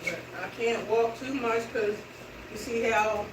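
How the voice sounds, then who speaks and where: A middle-aged woman vlogging in casual chat to her viewers while slowly walking and exercising indoors. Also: fairly high pitch. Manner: chatty, slow walking while talking. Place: indoor room with hardwood floor. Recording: roomy, distant and noisy room sound.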